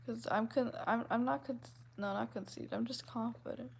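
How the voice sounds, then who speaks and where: A woman in her twenties chatting casually with her viewers, with a soft, gentle voice and a giggly, rambling way of talking that is full of "like". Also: on the high side, fairly even intonation, moderate pace, gravelly, slight background noise. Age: 20s. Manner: chatty, giggly, fills speech with "like". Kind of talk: casual livestream chat.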